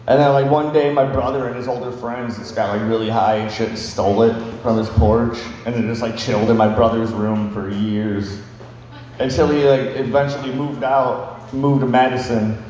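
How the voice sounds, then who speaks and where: A man's voice: medium pitch, steady tone, moderate pace, darkish tone, a little hiss or hum. Young male stand-up comic, twenties, rambling sweary delivery, long hall reverb. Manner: rambling, profane, filler-heavy. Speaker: stand-up comedian. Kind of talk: stand-up comedy storytelling.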